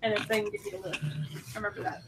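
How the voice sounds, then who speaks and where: A woman's voice: medium pitch, steady tone, fast, gravelly, noisy background. A woman running a tabletop game as game master, casual and teasing, laughing often.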